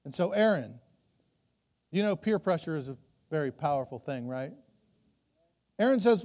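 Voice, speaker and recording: High-voiced man preaching a sermon. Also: animated, normal speed, pauses often, a little mellow. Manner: storytelling, acts out crowd voices, repeats words. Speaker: pastor.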